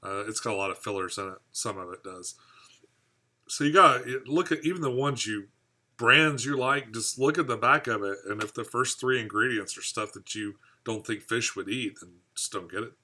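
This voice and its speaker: A man's voice: medium pitch, moderate pace, sharp tone. A man from the United States hosting a casual live stream about his aquarium hobby. He rambles and chats while answering viewer comments. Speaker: aquarium hobby channel host.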